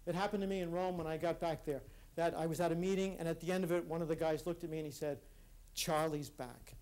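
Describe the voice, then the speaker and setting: In a live hall recording, a man with a fairly high, warm voice addresses a conference with a personal, reflective talk. His tone stays steady while he speaks earnestly, hesitating and often restarting his sentences.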